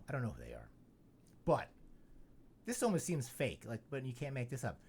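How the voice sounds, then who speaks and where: Man, podcast host, casual chat, rambling and jokey, gravelly voice, pitch swinging up and down. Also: wildly swooping pitch, measured pace, pauses often. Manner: rambling and joking, heavy on fillers like "you know".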